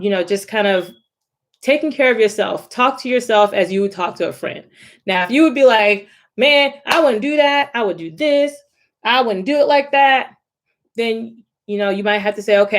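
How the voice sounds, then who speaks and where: A woman speaking casually and encouragingly about stress management, with lots of conversational fillers. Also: medium pitch. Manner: encouraging, conversational, many "you know" fillers. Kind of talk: informal self-help talk.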